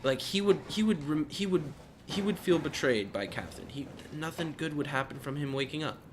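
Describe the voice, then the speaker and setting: A young man giving let's play commentary, thinking aloud and getting emotional, sometimes breaking into high exclaims. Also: brisk, a little hiss or hum. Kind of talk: gameplay commentary.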